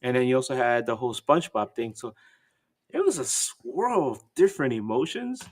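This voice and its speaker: A man co-hosting a podcast, telling match-day stories in casual chat and acting out other people's lines in a high voice. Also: moderate pace. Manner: animated storyteller, acts out quotes in a high voice. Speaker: podcast co-host.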